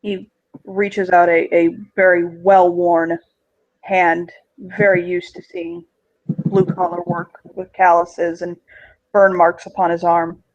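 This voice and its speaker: Halting game master describing a scene. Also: medium pitch, level tone, dull audio. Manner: halting, filler-heavy descriptions. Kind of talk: narrating a tabletop game.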